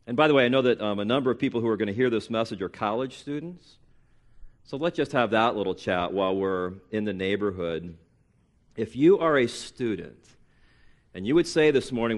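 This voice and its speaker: A pastor in his late forties delivers an emphatic, animated sermon at a moderate pace, leaving long pauses. He mimics excuses sarcastically, and his pitch and volume climb for the punchy lines as he drives key points home with growing force.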